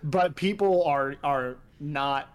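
A man's voice: a little high, slow pace, clean tone. Rambling casual male podcast guest. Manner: rambling, lots of fillers and restarts. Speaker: guest pixel artist.

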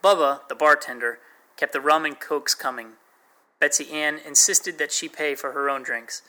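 Male narrator reading a memoir, wry and plain, bright and fairly high. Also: fairly even intonation, moderate pace, poor audio. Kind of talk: first-person memoir narration.

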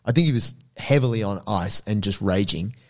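A man's voice: lowish voice, a little fast. A young man with an Australian accent, telling a story in casual, rambling chat. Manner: animated, rambling, many fillers.

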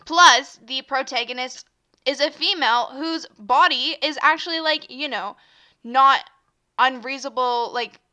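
This young woman's high-pitched, sharp voice keeps a measured pace as she hosts her podcast solo. She has the hiccups and chats in a rambling way, with many fillers and self-interruptions.

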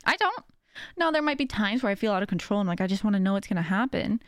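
A young woman hosts a podcast in a chatty, self-deprecating style, laughing a lot and acting out the voices of people she quotes as she shares personal stories. Her medium-pitched voice is animated and fast. The recording is dry with clean studio sound.

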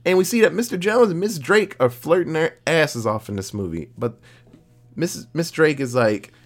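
A man co-hosting a podcast, casually recapping a horror movie plot with lots of swearing and jokes, slipping into quick voices for the characters. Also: fairly high pitch, lively intonation. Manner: profane, jokey, acts out characters mid-recap. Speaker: podcast co-host.

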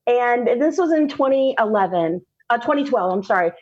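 A woman, a podcast guest telling a personal story candidly, laughing often and slowing down for emphasis. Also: fairly high pitch, expressive, highs cut off.

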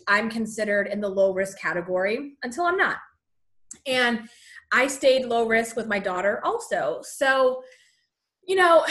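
This vlogger's voice is fairly high and a bit bright. Pregnant and in her thirties, she gives advice to camera in a chatty, encouraging way, slightly winded and leaning on "you know."

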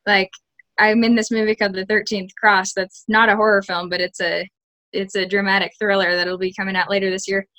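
Bright-voiced chatty young woman. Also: mid-range voice, little pitch movement, brisk, no room sound. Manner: chatty, many fillers and restarts. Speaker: actress guest. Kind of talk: casual interview chat.

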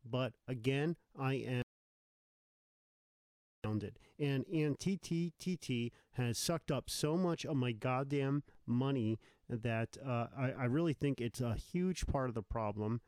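A man's voice: medium pitch, unhurried, a little mellow, no echo. A man hosting a live call-in show, irritable and blustering, complaining and swearing about his setup. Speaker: show host.

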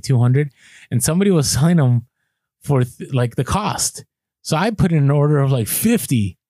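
A man co-hosting a podcast, telling stories in a chatty, animated way with lively asides. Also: mid-range voice, no echo, studio quality. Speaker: podcast co-host. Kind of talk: casual podcast chat.

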